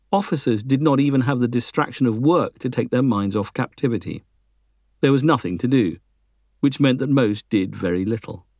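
A man reading a history book aloud as a narrator, measured and lifting his pitch for emphasis. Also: darkish tone, dry recording, clean studio sound. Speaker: audiobook narrator.

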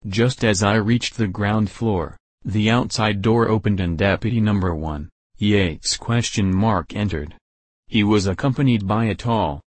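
A man narrating a first-person audiobook in a measured, steady way. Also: lowish voice, no room sound.

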